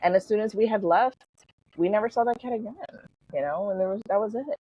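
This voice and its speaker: On a podcast, a middle-aged spiritual coach chats casually through a personal story, laughing easily and sprinkling in plenty of "like" and "you know." Her medium-pitched voice is quick, mellow, and a little breathy. The sound is dry and slightly dull, with a lo-fi quality.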